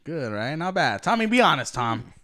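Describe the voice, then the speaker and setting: A man's voice: on the high side, very animated, normal speed, pushed and bright. A young man hosting a casual joking chat, teasing and swearing, laughing often. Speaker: host.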